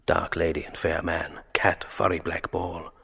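An actor voicing a wry, drifting inner monologue in a gravelly, husky voice, murmured in fragments. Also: male voice, sits low, monotone, a little slow, a bit bright, heavily acted. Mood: musing.

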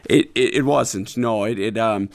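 A man's voice: fairly low pitch, measured pace, gravelly. A man in his thirties from Boston with a Boston accent, a law lecturer speaking as an interview guest in a studio, earnest with many fillers. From Boston, USA. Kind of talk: radio interview. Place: remote studio.

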